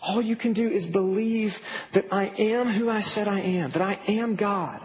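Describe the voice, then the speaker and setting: Male pastor, high voice, earnest sermon delivery, faint hiss in a reverberant hall. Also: moderate pace. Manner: earnest preaching, rising to emphatic peaks.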